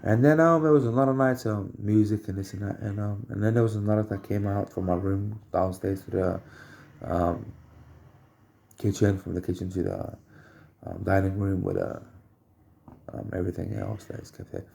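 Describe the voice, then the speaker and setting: A man with a very deep, gravelly voice tells rambling personal stories at home. His tone is dark and mellow. He talks haltingly and often repeats phrases while he searches for words. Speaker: storyteller.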